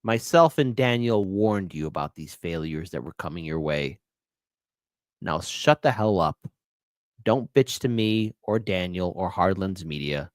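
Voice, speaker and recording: Male livestream host, blunt and profane, very animated pitch, dry room. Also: no echo. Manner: blunt and profane, swinging between ranting and joking. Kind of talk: casual political livestream talk.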